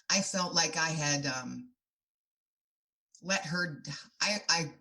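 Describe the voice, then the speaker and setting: A woman's voice: deep voice, very slow, pushed and bright. A middle-aged woman speaking as a podcast guest, telling her stories in an earnest, heartfelt way. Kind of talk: podcast interview.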